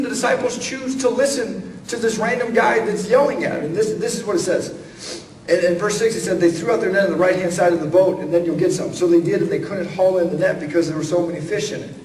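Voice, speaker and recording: A man giving a conversational, animated sermon as a guest speaker, acting out lines of dialogue. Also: fairly high pitch, a little hiss or hum. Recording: echoey room from a distance.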